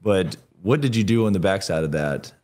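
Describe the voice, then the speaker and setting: Give me a deep-voiced man talking blunt and practical as a podcast guest. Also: lively intonation, moderate pace, a little mellow. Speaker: guest, HVAC contractor. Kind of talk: casual podcast chat.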